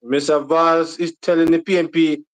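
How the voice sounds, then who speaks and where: A man's voice: a little high, flat delivery, moderate pace, low-quality recording. A man with a Jamaican accent, co-hosting and agreeably reacting to a speech in casual chat.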